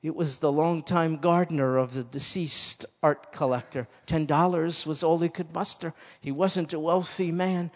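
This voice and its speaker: A man preaching a sermon, telling a story slowly and dramatically, building to loud emphasis. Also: fairly high pitch, steady tone. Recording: long hall reverb.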